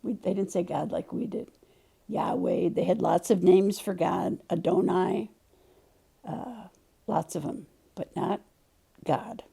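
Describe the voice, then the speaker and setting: A woman leading a Bible study, retelling a scripture story in a gentle, conversational way. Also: lowish voice, slow, vocal fry, slightly rough.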